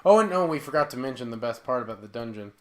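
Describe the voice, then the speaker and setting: A man's voice: mid-range voice, animated, fast. A man co-hosting a podcast, recapping a film in casual chat and finishing his co-host's sentences. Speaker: podcast co-host.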